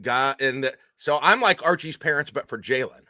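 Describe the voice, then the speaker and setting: A man's voice: mid-range voice, animated, normal speed, sharp tone, dry recording, studio quality. A man co-hosting a casual sports podcast, jokey and rambling. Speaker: podcast co-host.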